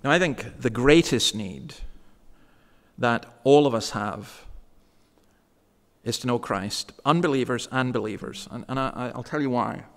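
A man preaching a sermon in a church, talking conversationally and slowing down to stress key words. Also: medium pitch, fairly bright tone, long reverb tail. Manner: conversational preaching, slows for emphasis.

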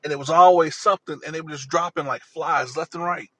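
A man's voice: a little high, fairly even intonation, quick pace, a bit bright, slightly rough, poor audio. A man telling a personal story in an earnest, rambling way, often repeating himself.

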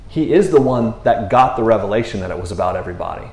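Animated man preaching in an echoey room. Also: on the low side, fast talker. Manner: animated, acts out voices of the disciples. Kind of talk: casual sermon.

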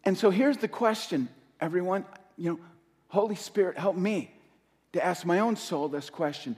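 A male pastor preaching with passion, his fairly high voice surging and then dropping low as he repeats his key lines. The sound carries a long reverb from the church hall around him. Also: a little mellow. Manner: impassioned, rising and falling with pauses, repeating key phrases. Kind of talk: sermon.

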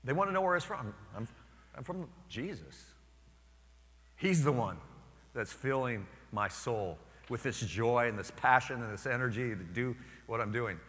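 A man in his forties, a priest giving a sermon in a storytelling way, and he gets animated when he quotes other people. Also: medium pitch, moderate pace. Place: church. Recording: long church reverb.

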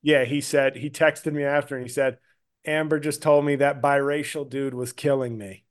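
A man's voice: normal speed, smooth. A man guesting on a comedy podcast, telling stories in casual chat and acting out other people in a whiny raised voice. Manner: animated storyteller, acts out others in a high whiny voice.

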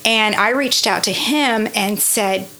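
A woman's voice: mid-range voice, takes it slowly, sharp tone. A woman from Oklahoma, a bootmaker, telling her stories earnestly and with enthusiasm as a guest. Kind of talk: conversational interview.

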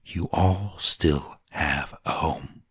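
A man putting on a gentle, fearless mother who speaks in a low, breathy hush, full of warmth and resolve. Her voice is close and dry, the quiet words almost whispered. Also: slow pace, no room sound, exaggerated voice. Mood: tender. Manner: soft hushed whispery delivery.

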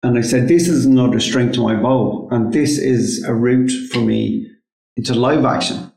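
A man's voice: medium pitch, moderate pace, vocal fry, a little mellow. A man in his forties from Ireland in a casual podcast chat, blunt and insistent, swearing freely. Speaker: podcast co-host. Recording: echoey room.

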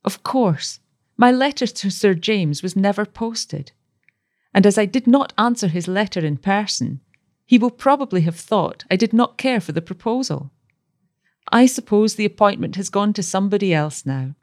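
A woman voicing a brave young husband recovering in a sickbed, with an excited, exclaiming manner. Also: medium pitch, normal speed, dry recording, studio quality, natural voice. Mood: tender, resigned.

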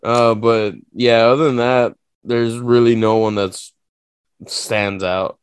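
A man co-hosting a podcast in casual chat, swearing freely and telling stories with lively energy. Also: mid-range voice, takes it slowly, smooth, no room sound, clean studio sound. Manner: profane, animated storytelling with mock voices. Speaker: podcast co-host.

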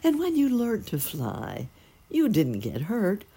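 A woman voicing a kindly female turtle dove who speaks softly and soothingly in a storybook reading. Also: mid-range voice, wildly swooping pitch, slow pace, creaky, slightly rough, voice pushed up, full character voice. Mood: gentle. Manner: soft, soothing, cooing.

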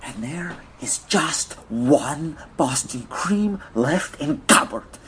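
A man's voice: lively intonation, takes it slowly, a bit bright, a little hiss or hum. A man voicing a distraught Russian man with a put-on Russian accent, ranting in broken English with a whiny, swooping voice. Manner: whiny, wildly swinging pitch, broken English. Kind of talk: comedic character monologue.

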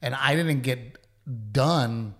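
A man's voice: medium pitch, slow. A young adult man telling a story on a podcast, acting out quotes and swearing freely. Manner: animated, acts out quotes, swears. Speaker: podcast co-host. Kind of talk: casual storytelling chat.

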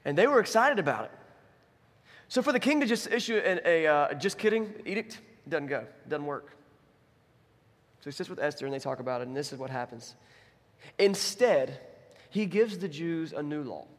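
Male pastor, animated storyteller, slightly high voice, long hall reverb. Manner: animated, acts out characters in quick asides. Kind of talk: sermon storytelling.

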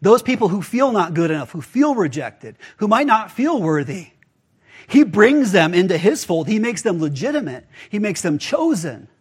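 A man's voice: high-pitched, sing-song, normal speed, slightly rough. A man pastor giving a casual, conversational sermon, full of rhetorical questions to the congregation.

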